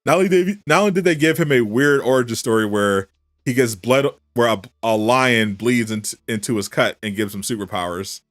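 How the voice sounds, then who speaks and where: Male streamer, casual reaction chat, incredulous and animated, mid-range voice, dry recording. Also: medium pitch, brisk, no echo. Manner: animated, incredulous rhetorical questions, frequent laughs.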